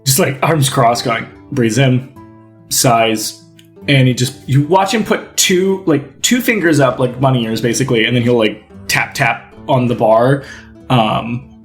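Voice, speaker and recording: A man narrating as game master of a tabletop game, animated and laughing often as he describes scenes. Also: medium pitch, a little slow, soft background music.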